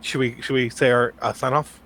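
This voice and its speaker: A man's voice: mid-range voice, fairly even intonation, fairly quick, fairly bright tone. A young man co-hosting a podcast, chiming in casually with short, laid-back remarks. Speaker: podcast co-host.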